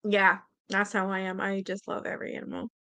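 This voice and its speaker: This Canadian livestream host has a mid-range, slightly bright voice with completely flat delivery and a fast pace. She reads aloud and chats loosely with her audience, often laughing and swearing freely.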